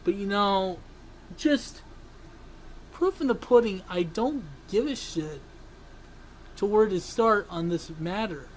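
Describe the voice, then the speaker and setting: Swearing, yelling sports ranter. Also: medium pitch, slow, pauses often, a little hiss or hum, low-quality recording. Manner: ranting, swearing, bursts into yelling; self-interrupting, apologizes for yelling. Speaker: sports vlogger. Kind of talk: angry sports rant.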